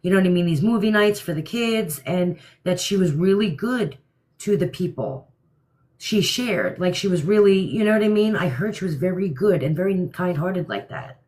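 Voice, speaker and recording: A woman's voice: fairly low pitch, lively intonation, normal speed, darkish tone. A woman from New Jersey with a New York-area accent, hosting a casual livestream and answering viewer comments in a blunt, opinionated way. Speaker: livestream host.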